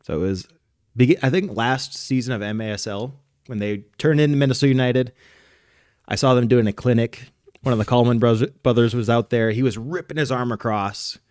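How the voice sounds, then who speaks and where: With a mid-range, slightly mellow voice and a fairly quick pace, a soccer coach co-hosting a podcast demonstrates technique as he explains it casually. The recording is dry and studio-clean.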